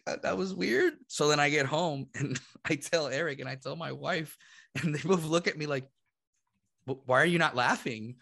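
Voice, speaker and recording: A man in his thirties from Puerto Rico, telling an animated story on a podcast, laughing and acting out what people said. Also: a little high, normal speed, gravelly, no room sound. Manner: animated, laughing, acts out quotes. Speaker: podcast host. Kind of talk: casual storytelling.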